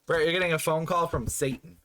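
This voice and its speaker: A man's voice: fairly high pitch, fairly even intonation, quick pace, pushed and bright, a little hiss or hum. A man hosting a podcast stream, chatting casually and goofing around as he signs off. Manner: jokey, goofy, rambling sign-off. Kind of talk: casual chat while live streaming.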